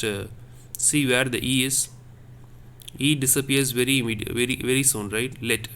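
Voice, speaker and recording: A man's voice: medium pitch, a bit bright, slight background noise. A man teaching a lesson on French accents, explaining patiently and repeating each point step by step.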